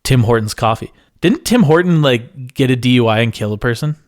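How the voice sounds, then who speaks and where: A man's voice: medium pitch, lively intonation, a little fast, no room sound. A man co-hosting a casual podcast, adding dry, agreeable remarks. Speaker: podcast co-host.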